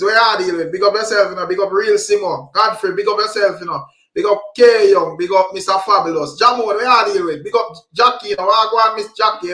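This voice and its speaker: Jamaican man shouting out stream viewers. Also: high voice, echoey room. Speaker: livestream host. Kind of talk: casual livestream chat.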